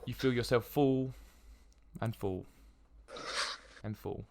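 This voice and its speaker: A man narrating a tabletop game as dungeon master, describing scenes with halting fillers. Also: medium pitch, creaky, warm tone, slight background noise.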